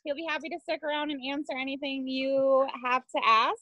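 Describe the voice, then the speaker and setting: A woman's voice: high-pitched, fairly even intonation, a little fast, sharp tone, no room sound, lo-fi sound. A woman hosting a virtual wine class, upbeat as she thanks the guest and explains pre-orders. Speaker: wine shop class host. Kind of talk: casual chat on a video call. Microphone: video call.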